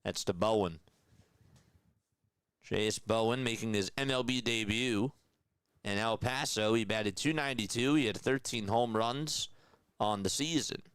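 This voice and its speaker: A young man doing radio-style baseball play-by-play on a live stream, calling pitches and greeting viewers in the chat. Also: clean tone, dry recording. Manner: steady, measured game calls.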